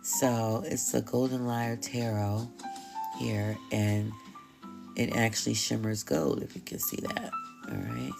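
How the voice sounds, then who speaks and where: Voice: mid-range voice, level tone, takes it slowly, vocal fry, music in the background. A tarot reader hosting a live stream, talking casually and bluntly with slang, swearing and frequent laughs.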